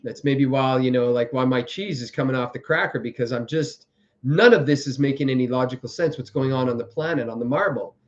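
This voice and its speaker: A man hosting a live stream, talking in a meandering, halting way with many fillers and repeated words. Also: mid-range voice, lo-fi sound. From French background. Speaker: livestream host. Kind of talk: rambling live-stream monologue.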